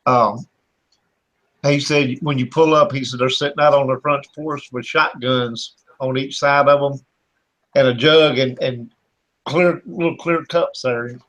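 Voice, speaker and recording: A man's voice: mid-range voice, steady tone, a little slow, a bit bright. A man with a Southern American accent, co-hosting a casual radio chat and telling folksy, jokey stories. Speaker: co-host.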